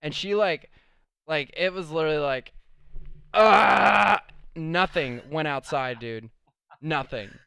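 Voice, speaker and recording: Smooth-voiced young man telling a story. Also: a little high, measured pace, a bit bright, no room sound. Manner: laid-back, swears a lot, lots of "like" and "dude". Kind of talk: casual storytelling chat.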